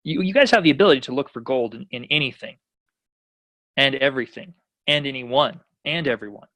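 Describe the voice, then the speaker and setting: A man's voice: medium pitch, animated, a little fast, pushed and bright, no echo, rough recording. A man leading a personal growth class, enthusiastic and encouraging, affirming what others say. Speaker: class leader.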